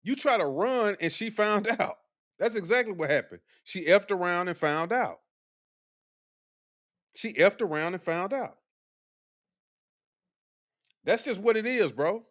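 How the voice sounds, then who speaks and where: A man's voice: high voice, animated, measured pace, pauses often, a bit bright. A young man doing live-stream commentary, talking bluntly and combatively to his chat with heavy slang. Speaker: livestream commentator.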